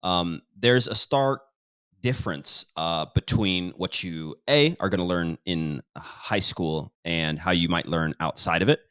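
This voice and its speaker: A man from the United States, hosting a casual interview in an easygoing, deliberate way. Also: sits low, a bit bright, clean tone, no room sound, studio quality. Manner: easygoing, deliberate host with fillers. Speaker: channel host, interviewer.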